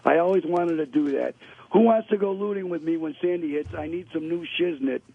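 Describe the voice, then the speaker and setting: A man's voice: a little high, a little fast, vocal fry. A man calling in to a radio show, slangy and joking in casual chat over a phone line.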